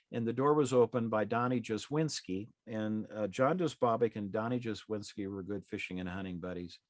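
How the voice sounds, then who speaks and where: A man's voice: medium pitch, no room sound, studio quality. A middle-aged man, a real estate exam prep instructor, telling an anecdote in a folksy, conversational way and acting out the dialogue. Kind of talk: anecdotal storytelling in a live class.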